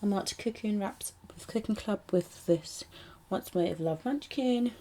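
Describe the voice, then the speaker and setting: With an unhurried, mellow, medium-pitched voice, this young British planner vlogger narrates her spreads casually. The talk wanders, full of ums and side comments.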